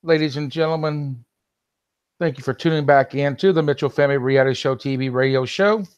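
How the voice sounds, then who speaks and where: A man's voice: mid-range voice, fairly quick, clear, resonant tone, lo-fi sound. A man hosting a live call-in stream, talking casually and addressing viewers and moderators directly.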